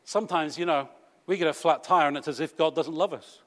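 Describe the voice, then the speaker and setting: His voice sits on the high side, brisk and a bit bright, as this British man gives a sermon to his congregation. He talks to them in a teasing, conversational way, full of rhetorical questions, with a church hall's long reverb behind him.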